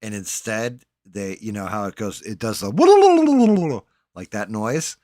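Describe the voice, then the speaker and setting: A man hosting a stream, chatting casually and telling animated stories while imitating his friends. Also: on the low side, normal speed, no room sound, clean studio sound. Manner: animated storyteller, mimics others' voices. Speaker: stream host. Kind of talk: casual chat.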